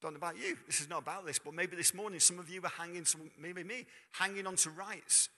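A male preacher gives a fast sermon in a ringing, sharply bright voice set slightly high. His tone stays conversational as he tosses questions to the congregation, and the long reverb of a church hall lingers after his words.

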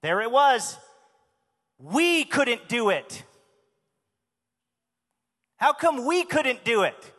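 A man's voice: extremely high pitch, big pitch swings, very slow, pauses often, a bit bright. A man preaching a sermon in a church, speaking emphatically and asking the congregation questions. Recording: long hall reverb.

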